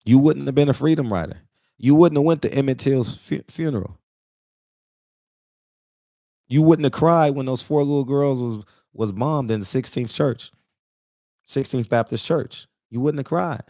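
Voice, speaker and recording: Speaking at normal speed in a medium-pitched, dark-toned voice, a man in his forties gives an emotional, almost tearful monologue as a barbershop talk show regular. It's casual yet preachy and emphatic, with repeated points, recorded cleanly in a studio without echo.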